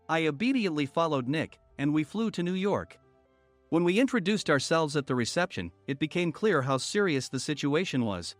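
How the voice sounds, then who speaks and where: A man narrating a first-person workplace story in an even storytelling manner. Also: on the high side, fairly quick, no room sound. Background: faint music.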